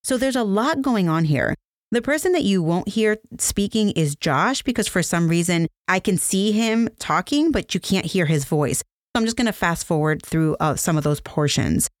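A woman's voice: lowish voice, animated, moderate pace, dry recording, studio quality. A woman hosting a true crime podcast, explaining directly to her listeners. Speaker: podcast host.

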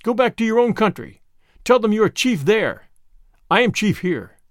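A man's voice: high-pitched, big pitch swings, moderate pace, no room sound, clean studio sound, voice pushed up. A man reading as a proud, defiant chief. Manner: firm, declaring.

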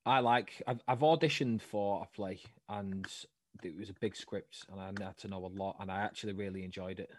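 A man's voice: sits low, steady tone, a little fast, no room sound. A man, an actor and comedian, chatting as a podcast guest, bantering back and swearing casually. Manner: bantering, swears, defends his craft. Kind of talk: casual chat.

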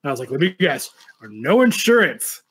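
A man's voice: on the high side, moderate pace, breathy edge. A man telling a story in casual chat, swearing often and acting out the people in it. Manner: profane, animated anecdote telling.

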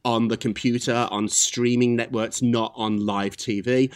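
A man hosting a celebrity gossip show, chatting in a lively, animated way. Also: mid-range voice, measured pace, smooth. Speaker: host.

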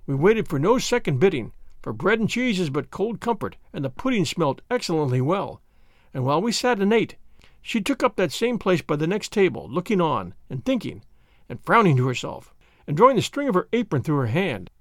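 A man narrating a classic novel in a measured, expressive storytelling manner into a close studio mic. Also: high voice, dry recording. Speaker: audiobook narrator.

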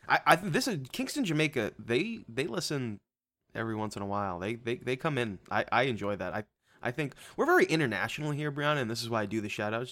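A man's voice: medium pitch, fairly bright tone, no echo, clean studio sound. A man co-hosting a movie podcast in casual, joking chat. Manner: playful, jokey, hams up place names with put-on accents. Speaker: podcast co-host.

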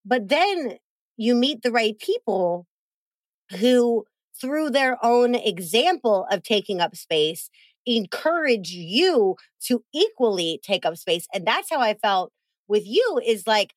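Animated high-voiced woman podcast host. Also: takes it slowly, dry recording. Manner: animated, acts out quotes in big voices. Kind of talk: casual chat.

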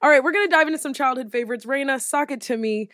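Animated young woman, high bright voice. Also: very fast, no room sound, clean studio sound. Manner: animated, swears freely, acts out quotes with big pitch jumps. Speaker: podcast co-host. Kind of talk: casual podcast chat.

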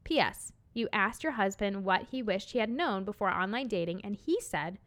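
A woman's voice: medium pitch, expressive, fairly bright tone. Midwestern woman, podcast co-host, playful and chatty. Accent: Midwestern American. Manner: bubbly, teasing, quick to laugh. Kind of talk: casual chat.

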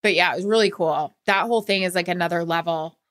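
A woman co-hosting a podcast, telling a personal story in casual chat with emotional, excited bursts. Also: on the low side, quick pace, no room sound, studio quality. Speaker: podcast co-host.

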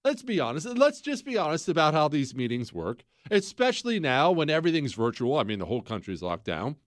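Laughing high-voiced male talk host. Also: big pitch swings, fairly quick, dry recording, clean studio sound. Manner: laughs a lot, rambling and sarcastic. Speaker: radio talk show host. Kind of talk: casual talk radio monologue.

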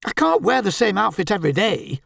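Nagging wife, prim and fussy, as a male narrator puts her on, with a gravelly edge. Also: high voice, big pitch swings, brisk, fairly bright tone, no room sound, studio quality, pitched above the performer's own voice, heavily acted. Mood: scolding. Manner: prim, scolding, censorious. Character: bossy, nagging, fussy middle-aged Englishwoman.

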